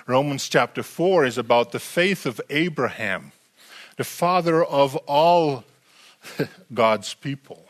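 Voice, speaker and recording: A man preaching a sermon, animated and full of rhetorical questions to the congregation, often repeating words as he restarts. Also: medium pitch, slow pace.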